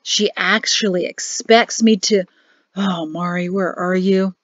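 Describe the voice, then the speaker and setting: A woman's voice: medium pitch, fairly even intonation, slow pace, dry recording, natural voice. A woman voicing an exasperated male army major who grumbles and sputters. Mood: grumbling. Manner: grumbling, weary and flustered. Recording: dry, slightly muffled audio.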